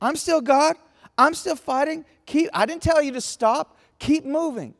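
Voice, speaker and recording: A man's voice: very high voice, a little slow, pitched above the performer's own voice. A man preaching a sermon, voicing God as an insistent, commanding deity. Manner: insistent, questioning, emphatic. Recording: long reverb in a large hall.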